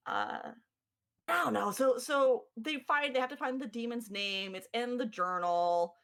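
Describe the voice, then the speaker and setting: A woman co-hosting a podcast in casual chat, animated and acting out what others said. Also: on the high side, measured pace. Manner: animated, acts out what people said. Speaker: podcast co-host.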